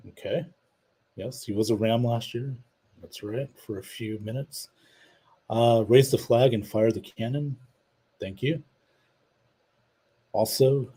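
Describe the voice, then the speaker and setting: A man's voice: medium pitch, slow, pauses often, dark tone, breathy edge, rough recording. A man hosting a live show, chatting casually about his team and reading out viewer comments. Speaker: podcast host. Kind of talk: casual live-stream chat.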